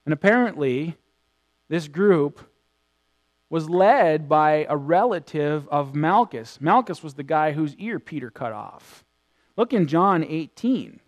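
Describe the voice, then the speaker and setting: A pastor preaching a sermon, swinging between loud bursts and hushed tones. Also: male voice, a little high, animated, slow.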